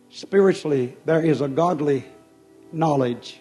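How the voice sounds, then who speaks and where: A man preaching a fervent sermon in a rhythmic style, often dropping suddenly soft. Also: a little high, moderate pace, soft background music.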